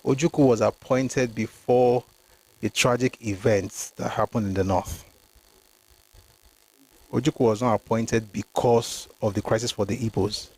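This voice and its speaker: Unhurried and fairly even, a medium-pitched, slightly mellow and husky male host reads historical documents on a livestream. He comments emphatically, speaks to viewers by name, and drops in Yoruba phrases.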